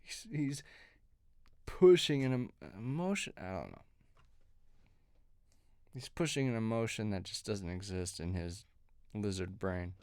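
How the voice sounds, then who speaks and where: A man's voice: on the low side, a little slow, long pauses, darkish tone, clean tone, no echo, clean studio sound. A man giving sarcastic, indignant political commentary, mocking and cursing as he reacts to a clip.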